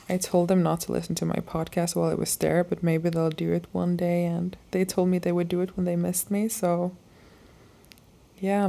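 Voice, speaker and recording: A woman hosts a podcast, reading her own journal letters aloud in a hushed, heartfelt, intimate manner. Her voice sits a little low with a gravelly fry, and she lets each phrase trail out slowly between pauses. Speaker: podcast host.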